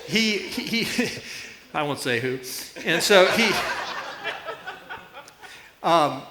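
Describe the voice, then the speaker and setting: A man's voice: on the high side, animated, drawn-out words, reverberant, background noise. A man preaching a sermon, telling a story with laughter and illustrations. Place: church.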